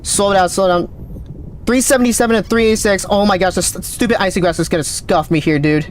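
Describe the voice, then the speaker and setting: A man streaming a game live, calling out readings with excited running commentary, his voice cracking. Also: sits high, slight background noise. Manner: excited, calls out numbers rapidly. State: voice cracking, thirsty. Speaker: gaming streamer.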